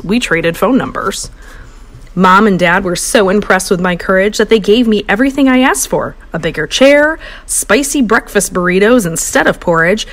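Lively woman reading a children's story. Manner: animated, playful, pitch jumps high for voices. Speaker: storybook reader.

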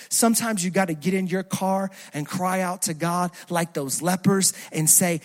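A man preaching a sermon, telling a funny story with lively acted-out voices before turning to exhortation. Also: high-pitched, normal speed, few pauses. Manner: animated, acts out scenes, loud bursts of laughter.

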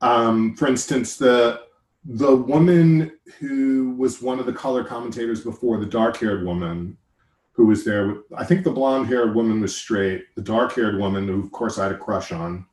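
A man's voice: medium pitch, moderate pace, darkish tone. New york guy, actor, rambling and wry, sounds echoey like in a big room. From Long Island, New York. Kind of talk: casual chat.

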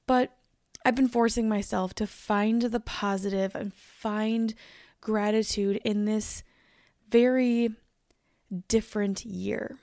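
A woman's voice: mid-range voice, fairly even intonation, takes it slowly, creaky, pauses often, mellow, no echo, clean studio sound. A young woman hosting her own podcast, talking candidly in a casual chat with a tired, scratchy voice. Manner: candid, chatty, emphatic. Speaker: podcast host. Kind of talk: casual solo podcast talk.

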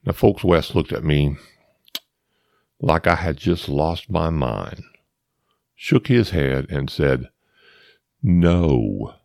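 Gravelly deep-voiced man spinning a story. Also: expressive, slow, pauses often, darkish tone, no room sound, studio quality. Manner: rambling, digressive, talks to listeners as folks. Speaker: podcast host. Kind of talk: storytelling podcast.

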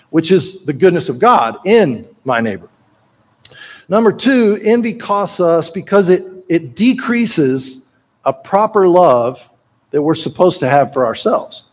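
Pastor guy preaching, pretty high voice, chatty and folksy. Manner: folksy, conversational preaching with joke-telling asides. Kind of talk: sermon.

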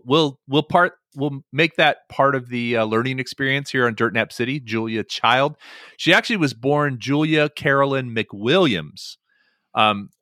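A man hosting a casual chat podcast, telling stories in an animated way with many "um"s and restarts. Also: mid-range voice, no echo, studio quality. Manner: animated storytelling with many fillers. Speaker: podcast host.

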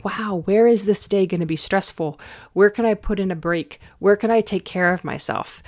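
A woman's voice: lowish voice, a little mellow. A middle-aged woman hosting a solo podcast, talking in an encouraging, coaching way. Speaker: podcast host.

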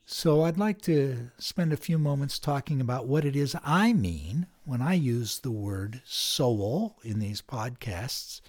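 A middle-aged man hosting a meditation podcast, telling a story in a measured, thoughtful way. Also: medium pitch, lively intonation, darkish tone. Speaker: podcast host. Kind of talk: reflective spoken meditation.

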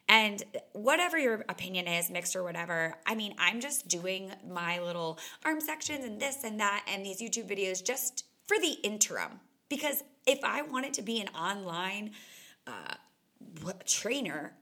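A young woman who works as a fitness instructor talks candidly in a chatty solo podcast monologue, saying "like" constantly. Her voice is medium-pitched, pushed and bright.

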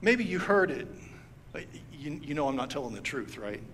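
A man's voice: on the high side, sing-song, normal speed, background noise. A man preaching a sermon as pastor, telling a story and acting out its quoted lines. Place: church sanctuary. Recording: long hall reverb, faint ambience.

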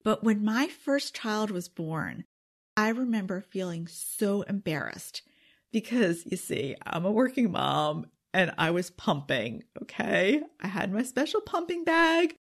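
A woman's voice: medium pitch, very animated, measured pace. A middle-aged woman hosting a podcast in a casual, emphatic way, often asking "okay?" and laughing. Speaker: podcast host. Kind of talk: casual solo podcast talk.

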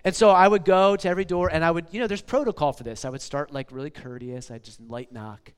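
Long hall reverb surrounds this clean-toned, higher-pitched male voice as a pastor in his forties speaks quickly. His sermon is relaxed and conversational, punctuated by frequent "okay?" and "like" check-ins.

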